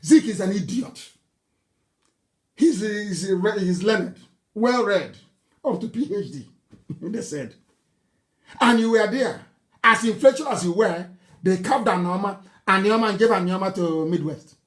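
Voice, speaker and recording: Nigerian man delivering a fiery political broadcast; mocking tone, hammering repetition, sudden shouts. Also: sits high, animated, a little slow, pauses often. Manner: fiery, mocking, scornful laughter, repeats phrases, bursts into shouting. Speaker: political activist leader.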